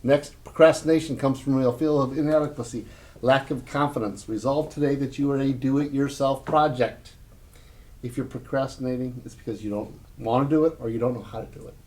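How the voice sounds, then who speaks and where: A man's voice: mid-range voice, fairly even intonation, brisk, darkish tone. A man giving a live business workshop talk to a small audience in a room, speaking in short, punchy, conversational phrases and telling anecdotes.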